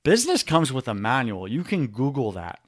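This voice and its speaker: A man's voice: mid-range voice, big pitch swings, normal speed, dry recording. Man, New York accent, podcast guest, motivational coach, emphatic, preachy, dry sound. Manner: emphatic, preachy, calls listener brother. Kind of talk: energetic motivational talk.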